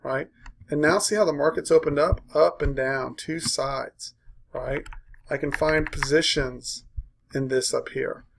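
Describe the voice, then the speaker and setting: Gravelly man coaching a trading room. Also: on the high side, fairly even intonation, slight background noise. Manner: brisk, punchy, tags points with "right?"; walks through a chart aloud.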